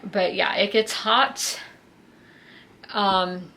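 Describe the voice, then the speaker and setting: A woman's voice: mid-range voice, moderate pace, gravelly, loud music behind the voice. A woman in her twenties from South Carolina, chatting casually about her weekly reading with plenty of fillers. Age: 20s. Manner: chatty, frequent fillers like "you know" and "um". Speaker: book vlogger. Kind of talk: casual chat.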